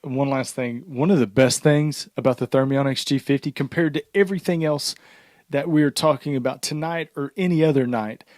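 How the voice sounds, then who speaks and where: A man's voice: medium pitch, moderate pace, a little mellow, no echo, studio quality. A man co-hosting a podcast in casual chat, steadily plugging the store's stock. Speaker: podcast co-host and store seller. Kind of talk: casual chat with sales pitch.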